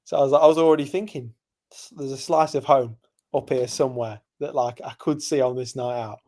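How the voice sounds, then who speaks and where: A man's voice: medium pitch, fairly even intonation, a little fast, a little mellow. A young man from England rambling through a night-out story on a podcast. His voice sits in a middle register, and he talks loosely, full of fillers and asides. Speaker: podcast co-host. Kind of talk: casual chat.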